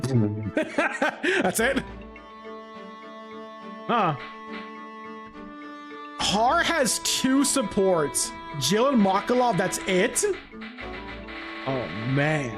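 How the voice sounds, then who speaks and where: A man streaming a video game, rambling and joking with chat in a loose, animated way. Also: high voice, very slow, pauses often, over music. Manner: animated, rambling, jokey, laughs often. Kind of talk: live gaming commentary.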